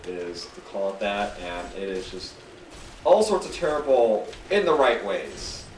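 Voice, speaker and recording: A man's voice: on the low side, measured pace, darkish tone, echoey room, recorded from a distance, slight background noise. A man co-hosting a gameplay video, chatting casually, joking and laughing often as he plays. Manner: jokey, rambling, laughs often. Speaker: gaming video co-host.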